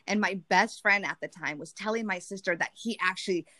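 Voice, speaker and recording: A woman's voice: medium pitch, fairly quick, sharp tone. A woman talking candidly and emotionally in a casual chat, rambling with many restarts.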